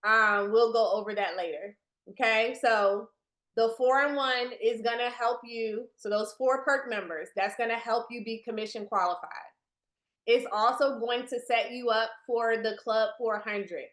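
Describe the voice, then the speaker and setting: A woman's voice: on the high side, fairly even intonation, a little slow, fairly bright tone, reverberant. A woman leading a business training presentation on a video call for new team members, chatty and speaking straight to her listeners. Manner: chatty, addresses the audience directly.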